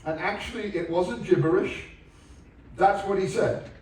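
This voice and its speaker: A man's voice: high-pitched, unhurried, darkish tone. Dry-witted man lecturing in a hall. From England. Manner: dry, wry asides to audience. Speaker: onboard lecturer. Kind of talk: humorous presentation. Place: large ship theatre. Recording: echoey hall from far off.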